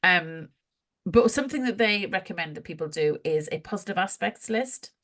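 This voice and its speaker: A woman co-hosting a casual spiritual chat podcast, reflective and gently encouraging as she talks through everyday examples. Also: lowish voice, animated, normal speed. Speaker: podcast co-host.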